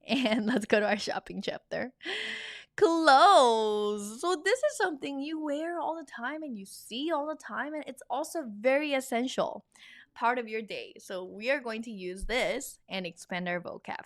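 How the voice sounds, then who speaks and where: A woman's voice: a little high, lively intonation, no room sound, studio quality. Bubbly woman teacher. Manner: bubbly, chatty, repeats words slowly for learners. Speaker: Korean language teacher. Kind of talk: online language lesson.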